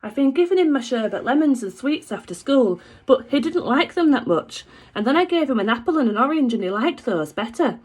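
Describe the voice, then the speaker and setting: Bright, eager young child, played by a woman reader, earnest and kind. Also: high voice, very animated, fairly quick, few pauses, breathy edge, voice pushed up, heavily acted.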